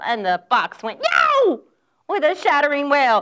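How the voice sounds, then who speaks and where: Against a noisy background, a woman with a high voice reads a children's book in an unhurried, wildly swooping sing-song. She is an American librarian, and she tosses in animal sound effects as she tells the story.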